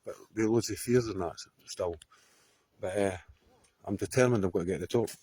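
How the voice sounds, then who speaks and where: Husky, dark-voiced Scottish man. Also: fairly low pitch, a little fast, no room sound. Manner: profane, rambling, laughs often. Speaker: vlogger. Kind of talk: casual storytelling to camera. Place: outdoors on a hillside.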